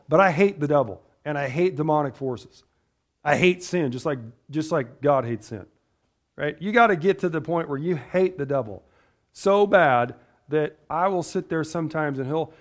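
Man preacher, slightly high voice, emphatic sermon delivery, rhetorical questions. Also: normal speed. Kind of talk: sermon with scripture reading.

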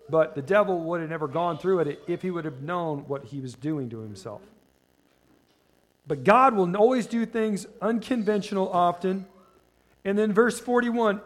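A man preaching a sermon in a conversational way. He asks the congregation questions and slows down when reading scripture. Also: sits high. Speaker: pastor.

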